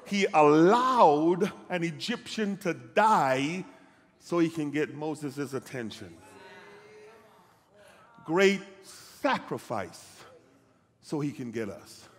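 A man preaching a sermon as pastor, often checking in with the congregation and rising from quiet talk to shouted calls. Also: on the high side, lively intonation, slow pace, pauses often. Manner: asks the congregation questions. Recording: hall reverb.

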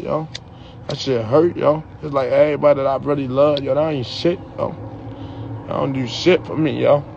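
A man's voice: a little high, steady tone, moderate pace, vocal fry, darkish tone, lo-fi sound, slight background noise. A young man in a heated, profane rant to the camera, ending his lines with "yo". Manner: profane, heated, repeats "yo" at line ends.

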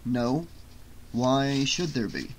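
A male audiobook reader voicing a laid-back young man with a low, offhand delivery. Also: expressive, drawn-out words, a little hiss or hum. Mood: evasive.

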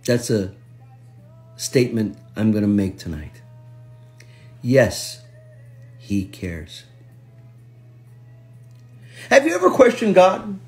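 A male pastor preaching a sermon, swinging from soft and slow to shouting and repeating phrases for emphasis. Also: medium pitch, wildly swooping pitch, faint music behind.

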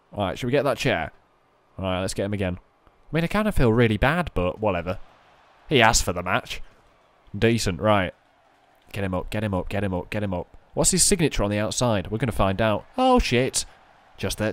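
A young man giving casual, excitable running commentary over a wrestling video game, chatting to viewers and swearing freely. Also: on the low side, no echo. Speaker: gaming video creator.

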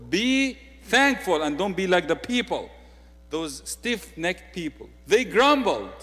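A man's voice: high-pitched, sing-song, a little slow, breathy edge. Egyptian-accented male preacher in a reverberant hall. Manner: swings from quiet intimate asides to loud emphatic declarations. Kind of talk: sermon.

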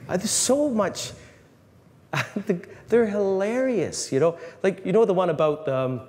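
A man, a priest, giving an animated, joking talk to a live audience, often restarting his sentences. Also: high voice, slow. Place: large hall. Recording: long reverb in a hall, faint room noise.

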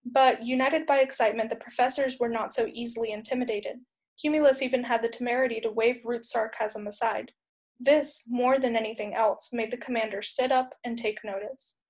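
A woman teacher narrates a chapter book aloud in a steady, clear way. Her voice sits a little high for a woman. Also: fairly quick. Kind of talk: read-aloud storybook narration.

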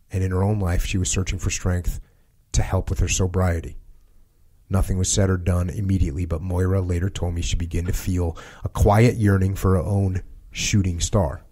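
A podcast host with a low, deep male voice reads passages from a book aloud. His pace stays measured, and he breaks off now and then to add short comments of his own. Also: warm tone. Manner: measured reading with spoken asides.

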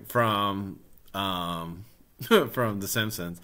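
A man's voice: on the low side, animated, extremely slow, fairly bright tone. A tired, middle-aged man hosting a casual live stream, swearing freely and greeting viewers by name.

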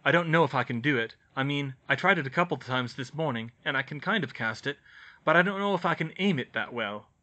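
A man voicing an anxious teenage boy wizard in an audiobook reading, hurried and worried. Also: medium pitch, lively intonation, bright, forceful tone. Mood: unsure. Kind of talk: audiobook reading of fan fiction.

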